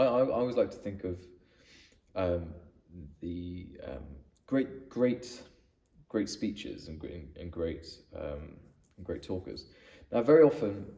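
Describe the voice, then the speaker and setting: A man's voice: low-pitched, mellow, recorded from a distance. A man giving conversational business advice straight to the camera, often restarting and repeating words for emphasis. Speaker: business coach. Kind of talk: direct-to-camera advice video.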